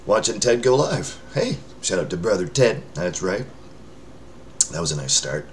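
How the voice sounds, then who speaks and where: Man, low register, loose self-mocking vlog chatter, light background noise. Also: very animated, moderate pace. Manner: rambling, self-mocking, with filler words and restarts. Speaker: vlogger checking in with followers. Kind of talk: casual rambling chat to camera. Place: indoors under a lamp near a window.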